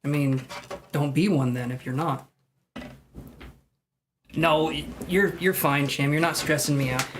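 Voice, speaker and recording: A man's voice: on the high side, fairly even intonation, a little slow, pauses often, a bit bright, a little hiss or hum. A man reading tarot cards live for viewers, chatting loosely and thinking aloud with self-mocking asides. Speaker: tarot reader.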